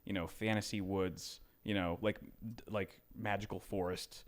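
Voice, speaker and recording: A man co-hosting a podcast in casual, animated, rambling chat. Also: low voice, a little slow. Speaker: podcast co-host.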